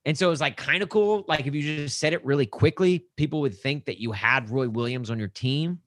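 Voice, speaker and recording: A man cohosts a sports podcast in loose, rambling banter and slips into higher voices for mock dialogue. His voice sits in a middle pitch. The sound is close and dry. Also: a little fast, a bit bright, no echo. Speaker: podcast co-host.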